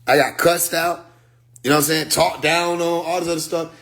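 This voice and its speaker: A man's voice: fairly high pitch, normal speed, gravelly. A man telling a long story in casual speech. He acts out both sides of the conversation, swears freely and gets worked up. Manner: animated, profane, quotes others in dialogue.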